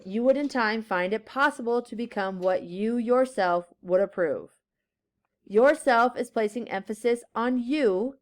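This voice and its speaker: A woman teacher giving a classroom grammar lesson, slowly stressing key words and reading example sentences aloud. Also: fairly high pitch, darkish tone.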